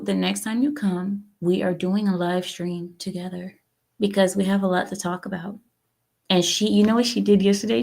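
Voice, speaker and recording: A woman hosting a casual livestream, chatting to her viewers and acting out what others said. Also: gravelly. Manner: chatty, talks to viewers, acts out quotes with lively pitch. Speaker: livestream host.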